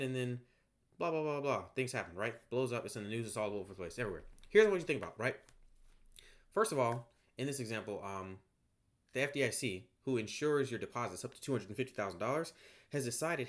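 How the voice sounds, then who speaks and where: An online course creator explains things off the cuff at home beside a bed, speaking fast in a mid-range voice with lively intonation. His talk is rambling and conversational, sprinkled with "right?"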